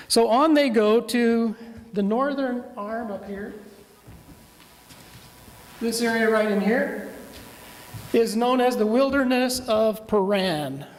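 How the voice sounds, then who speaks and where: A male minister tells the story at an easy, unhurried pace, asking his congregation questions as he goes. His voice sits high for a man. The sound carries the long reverb of a church hall. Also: darkish tone. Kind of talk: sermon with map.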